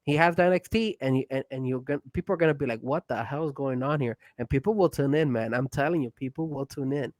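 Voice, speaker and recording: A man co-hosting a casual wrestling chat podcast, pushy and excitable, getting loud when he is hyped. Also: mid-range voice, quick pace, hardly any pauses, dry recording. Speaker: co-host.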